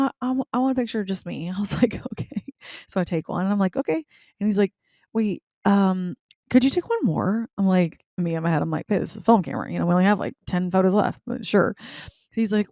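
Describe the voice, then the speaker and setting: A woman's voice: lowish voice, vocal fry, no echo. Chatty young woman podcaster, dry close sound. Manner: chatty, animated, filler-heavy with frequent "like". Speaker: podcast host. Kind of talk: casual storytelling.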